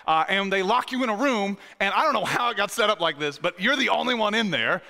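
Animated pastor in echoing hall. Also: male voice, high-pitched, quick pace, creaky. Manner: animated storytelling, restarts and quoted dialogue. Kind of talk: sermon. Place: church sanctuary. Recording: long church hall reverb.

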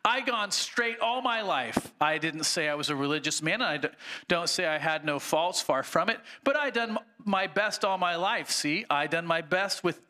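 A man's voice: fairly high pitch, bright, forceful tone, pitched above the performer's own voice. A man reading aloud in a sermon, voicing a blustering, self-righteous male ghost who talks in coarse, aggrieved grammar. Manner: aggrieved, rough grammar, keeps insisting.

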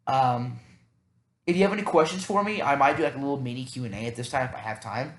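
On his casual solo podcast, the host talks fast in a mid-range voice that sounds roomy. He thinks out loud, rambling, putting himself down, and filling the gaps with lots of fillers.

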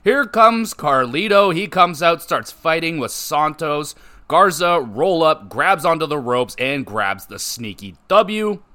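A man hosting a podcast, giving an offhand, conversational recap of a wrestling show with quick verdicts. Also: a little high, animated, bright, forceful tone. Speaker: podcast host.

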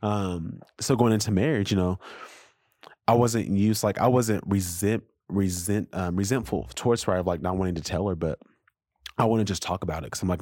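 Deep voiced guy on a faith podcast, earnest and open, dry close mic. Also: moderate pace, darkish tone, no room sound. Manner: earnest, open about his feelings. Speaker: podcast co-host. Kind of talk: casual faith conversation.

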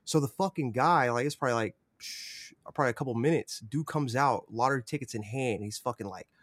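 A man's voice: mid-range voice, fairly quick, fairly bright tone, no room sound. A young man, a podcast guest, telling a rambling story in casual chat, full of swearing and fillers.

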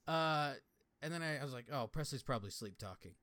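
A man's voice: medium pitch, expressive, rapid-fire, a bit bright, no echo. Young guy cohosting a podcast, rambling stories, swears a lot, dry close sound. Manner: rambling storytelling with frequent swearing. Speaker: podcast co-host. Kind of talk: casual chat.

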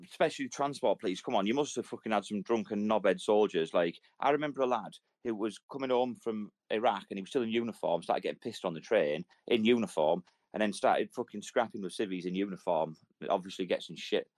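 A man's voice: lowish voice, a little mellow, dry recording. A man, hosting a podcast, telling army stories in casual, sweary banter and acting out the voices of the people in them. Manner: fast storytelling, acts out quoted lines. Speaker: podcast host.

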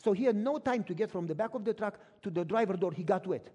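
Male pastor, sermon storytelling, high voice, animated, repeats words for emphasis, long hall reverb. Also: quick pace, husky.

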